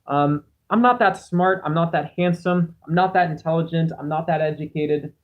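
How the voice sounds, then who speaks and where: A livestream host with a slightly high voice speaks at normal speed, reading chat aloud and rambling through self-deprecating musings on a cheap home microphone. The audio sounds phone-quality.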